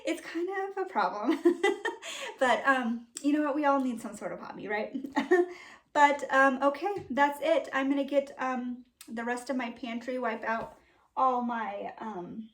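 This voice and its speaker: Walking through her garden outdoors, a woman vlogs casually about her homestead, chatty and full of laughter and ums. She speaks a little slowly in a high, expressive voice.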